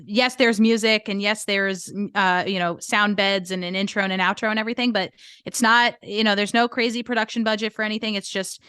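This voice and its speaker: A woman's voice: mid-range voice, fairly even intonation, fairly quick, hardly any pauses, sharp tone, smooth, no echo, clean studio sound. A woman from the United States, a podcast guest, chatting in an upbeat way. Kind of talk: casual podcast chat.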